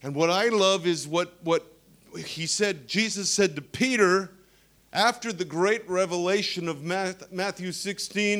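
A man in his sixties delivers a sermon with animated energy, speaking a little slowly in a voice that sits a bit high. He tells stories and drops humorous asides to his congregation.

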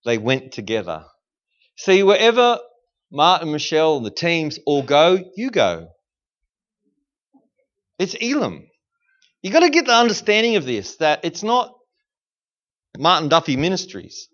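A man preaches with fire and drives call-and-response with his congregation. His voice sits high for a man. The recording is dull and lo-fi. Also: huge pitch swings, unhurried, pauses often, a bit bright. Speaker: guest preacher. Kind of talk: sermon. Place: church service.

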